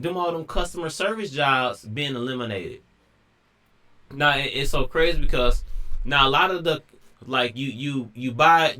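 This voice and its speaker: A man's voice: fairly high pitch, sharp tone. A man talking casually in a rambling monologue, full of slang and restarts. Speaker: commentator.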